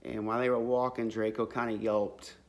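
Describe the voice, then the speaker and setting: A man's voice: mid-range voice, flat delivery, a little fast. A man casually telling a personal faith story in a rambling, earnest way, full of fillers and restarts. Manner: faith-filled, religious language. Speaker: vlogger sharing a testimony.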